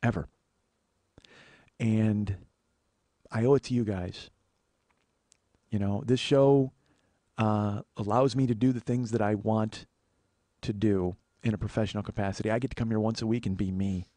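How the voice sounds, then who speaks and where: A man hosting his own podcast speaks at normal speed with fairly even intonation and frequent pauses, his warm voice recorded without echo. He tells a personal story earnestly and confessionally, swearing plenty and raising his pitch to act out quoted voices.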